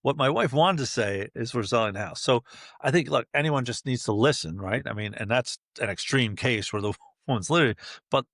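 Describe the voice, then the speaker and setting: Fast-talking, gravelly chatty man. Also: mid-range voice, dry recording, clean studio sound. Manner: chatty, animated storyteller acting out dialogue. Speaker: podcast guest, entrepreneur. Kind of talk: casual interview talk.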